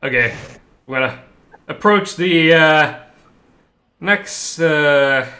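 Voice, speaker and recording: Man player, bright and hesitant. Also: fairly high pitch, slow pace. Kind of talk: casual game talk.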